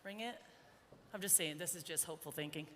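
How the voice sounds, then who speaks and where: A woman horse trainer giving a live riding demonstration, chatting, joking and softly coaxing her young horse. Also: low voice, quick pace. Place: large indoor arena. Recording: echoey arena with faint background noise.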